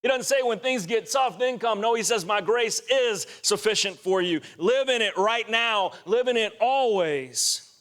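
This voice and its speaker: Man, high-pitched, preaching a sermon, earnest, emphatic. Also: expressive, unhurried, fairly bright tone. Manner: earnest, rising to emphatic exhortation.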